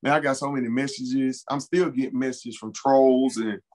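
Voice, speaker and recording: A man's voice: medium pitch, steady tone, normal speed, darkish tone, rough recording. A man as an interview guest, telling a personal story in a casual, earnest way and repeating key phrases for emphasis.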